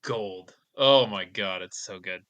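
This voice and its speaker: A man's voice: fairly low pitch, slow, a bit bright. A man co-hosting a movie podcast, casually chatting, mostly giving short agreeing replies and laughing easily. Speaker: podcast co-host. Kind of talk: casual movie commentary chat.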